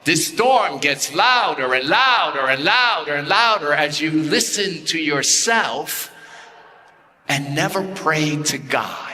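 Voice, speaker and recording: A man preaching a sermon as a priest, slow and deliberate with repeated phrases, in a church. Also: on the high side, sharp tone. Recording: long reverb of a large church.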